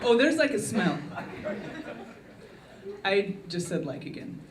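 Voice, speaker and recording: Deadpan woman stand-up comic; roomy club sound with steady background noise. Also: medium pitch, slow pace, far from the mic. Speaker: stand-up comedian. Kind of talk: stand-up routine. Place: comedy club. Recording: echoey club miked from afar, crowd laughter.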